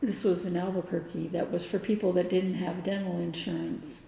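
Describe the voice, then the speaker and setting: Gravelly-voiced woman in an echoey room. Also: on the low side, level tone, normal speed, mellow. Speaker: podcast co-host. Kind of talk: casual chat.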